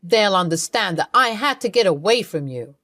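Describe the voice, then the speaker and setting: A woman voicing a hurt, angry young husband who speaks in a cold, lowered, accusing tone. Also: lively intonation, moderate pace, a bit bright, dry recording, clean studio sound.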